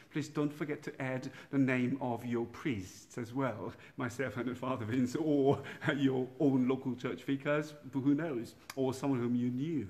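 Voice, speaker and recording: Slow, halting priest speaking gently. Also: male voice, mid-range voice. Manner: halting and gentle, many fillers and restarts. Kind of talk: informal night prayer talk. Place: dark church room by candlelight. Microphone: no external microphone, built-in device mic. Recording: poor sound quality without microphone.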